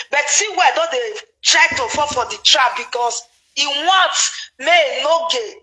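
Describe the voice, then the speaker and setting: A woman's voice: high-pitched, low-quality recording. A woman with a Nigerian Pidgin accent, chatting animatedly about gossip and repeating herself for emphasis. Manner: animated, repetitive, excitable. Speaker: gossip commentator. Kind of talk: casual gossip chat.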